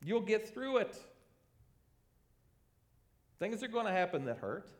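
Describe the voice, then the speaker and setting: Male pastor mid-sermon, high, lively delivery, acts out the quotes. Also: slow. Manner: animated, acts out quoted voices.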